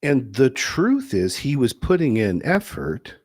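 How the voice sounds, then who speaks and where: A man who hosts a podcast and works as a couples therapist, telling a case story in a conversational, animated way. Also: medium pitch, measured pace, no room sound, studio quality. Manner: animated, laughing easily.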